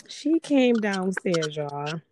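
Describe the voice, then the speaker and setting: A woman's voice: mid-range voice, sing-song, extremely slow, background noise. A woman hosting a casual podcast, chatty and repeating herself for emphasis as she talks straight to her listeners. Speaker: podcast host.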